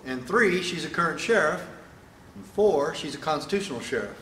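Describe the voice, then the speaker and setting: Emphatic male speaker, highish and forceful, rhetorical and fiery, hall echo. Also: expressive, normal speed, recorded from a distance, a little hiss or hum. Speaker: speaker at a sheriffs' event. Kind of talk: political speech. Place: event hall with audience. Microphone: microphone, sometimes stepping away. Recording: echoey hall.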